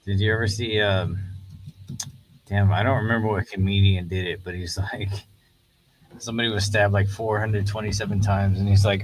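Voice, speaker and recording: A man's voice: lowish voice, normal speed, poor audio. A man co-hosting a casual podcast, making laid-back joking asides. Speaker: podcast co-host. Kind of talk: casual movie recap chat.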